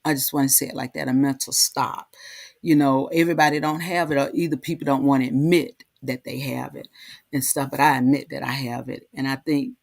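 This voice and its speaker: A woman hosting a heartfelt, casual talk, halting and repeating herself, often asking "right?". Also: very deep voice, little pitch movement, vocal fry, darkish tone, no room sound, studio quality. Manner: halting, repeats words, frequent "right?" tags. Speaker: host.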